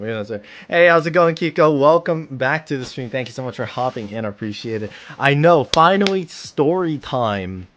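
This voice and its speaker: A man's voice: medium pitch, fairly bright tone, dry recording. Tired, rambling male streamer. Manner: rambling, chatty, self-deprecating. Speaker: livestream host. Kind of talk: casual stream chat.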